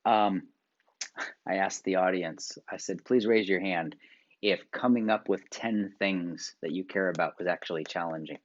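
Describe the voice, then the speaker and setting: Lively coaching man, lo-fi sound. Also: low-pitched, normal speed. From United States. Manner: coaching, gives direct instructions and exercises; animated, swings between loud emphasis and quiet asides. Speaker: workshop presenter. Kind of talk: motivational video talk to viewers. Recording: dull lo-fi sound.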